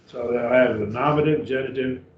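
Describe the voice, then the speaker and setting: A man teaching a Greek grammar class in a church classroom, speaking slowly and deliberately, repeating and spelling out words. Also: medium pitch. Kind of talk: classroom lecture. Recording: echoey room, dull far-off mic, faint hiss.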